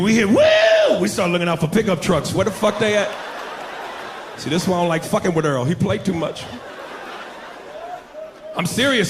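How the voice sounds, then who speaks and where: Male stand-up, a little high, loud and brash. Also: noisy background. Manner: loud, brash, profane, animated storytelling. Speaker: stand-up comedian. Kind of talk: stand-up comedy set.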